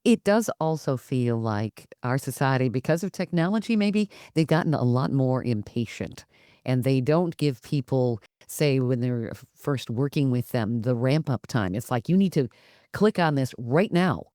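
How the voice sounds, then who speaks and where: A woman's voice: very deep voice, lively intonation, moderate pace, mellow, no echo, studio quality. A woman hosting a podcast interview, introducing a guest and musing aloud in easy conversation. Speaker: host.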